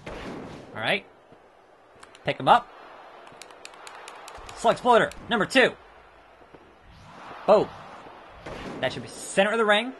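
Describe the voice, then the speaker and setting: Excitable high-voiced gaming host. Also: male voice, slow pace, pauses often, a little hiss or hum. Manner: excitable, jokey and self-mocking. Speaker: let's play host. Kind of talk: gameplay commentary.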